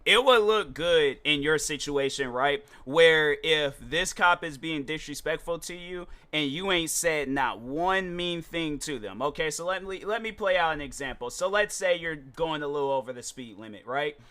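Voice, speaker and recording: A man's voice: on the high side, lively intonation, normal speed, hardly any pauses, pushed and bright. A man hosting his own show, chatting casually and rambling with slang and frequent restarts. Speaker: show host. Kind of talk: casual solo vlog chat.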